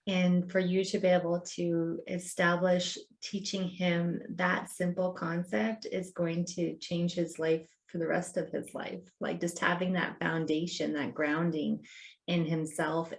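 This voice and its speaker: Slow-talking woman interviewer. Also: fairly low pitch, gravelly. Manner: warm, affirming, encouraging. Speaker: interviewer host. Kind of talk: casual interview talk.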